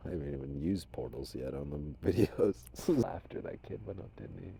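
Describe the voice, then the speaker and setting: A man from Minnesota talking casually to unseen spirits as a medium, rambling and shifting between loud commands and soft whispers. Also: a bass voice, moderate pace, vocal fry, breathy edge. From Minnesota, USA.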